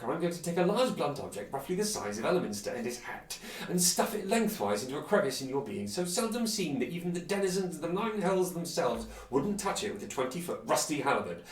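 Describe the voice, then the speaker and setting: A man's voice: fairly high pitch, pitched above the performer's own voice. A man voicing a fed-up male adventurer, reading his lines in an exasperated, emphatic way. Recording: roomy from mic distance.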